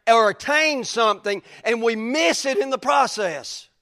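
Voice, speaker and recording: Male preacher, high-pitched, bright and dry, chatty storytelling sermon. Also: expressive, a little slow, gravelly, no echo. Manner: folksy, conversational, acts out characters' lines.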